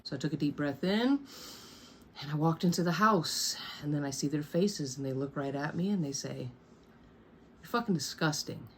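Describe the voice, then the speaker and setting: Low-voiced woman in her thirties, candid storytime. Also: moderate pace, a little hiss or hum. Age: 30s. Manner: candid and blunt, swearing freely, with wry asides. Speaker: storyteller vlogger. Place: bedroom at home.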